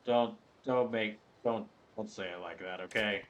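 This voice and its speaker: Man voicing a stoic, low-voiced male lead, dry and reluctant. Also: a little slow, slight background noise, close to an everyday voice.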